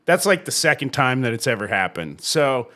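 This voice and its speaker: A man co-hosting a podcast, telling stories in a casual, animated way, swearing often and laughing. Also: medium pitch, normal speed. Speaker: podcast co-host and comedy show host. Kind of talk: casual storytelling chat.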